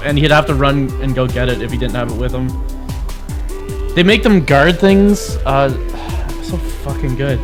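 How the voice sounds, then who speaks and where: A young man chatting casually as he streams a game, swearing, laughing and telling stories. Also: fairly high pitch. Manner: laid-back, swearing, laughing a lot, storytelling. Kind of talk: casual gameplay chat. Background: game music.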